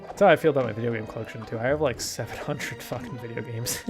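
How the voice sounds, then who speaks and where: A man's voice: medium pitch, fast, over music. A young man hosting a gaming video, telling rambling stories in casual chat, swearing and laughing often. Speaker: gaming channel host. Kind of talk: casual chat over gameplay.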